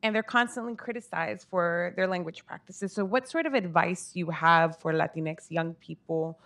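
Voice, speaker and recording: A woman moderating a bookstore talk, posing a long, measured question to the author. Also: fairly low pitch, a bit bright. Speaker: event moderator.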